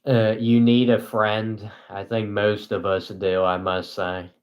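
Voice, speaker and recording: Monotone, slow-talking young man streaming. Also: on the low side. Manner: monotone and dry, self-mocking. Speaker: live streamer. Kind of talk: casual live stream chat.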